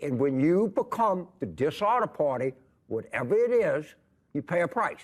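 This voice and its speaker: A man's voice: on the high side, very animated, normal speed. An older man arguing heatedly on a TV panel, emphatic and repetitive, often restarting his sentences. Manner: emphatic, repetitive, jumping between thoughts. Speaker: political commentator guest. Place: TV studio with audience.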